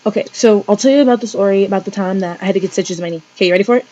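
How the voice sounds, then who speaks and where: A woman's voice: mid-range voice, rapid-fire, dark tone, lo-fi sound. A teenage girl chatting in a bubbly, jokey and dramatic way for her home video vlog. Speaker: vlogger.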